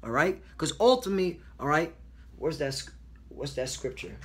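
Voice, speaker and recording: Guy preaching off the verses, kinda high voice, keeps going "all right? man", gets loud and heated. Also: big pitch swings. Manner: fills pauses with 'man' and 'all right?', loud and confrontational. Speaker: street preacher. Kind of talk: reading scripture verse by verse with heated commentary.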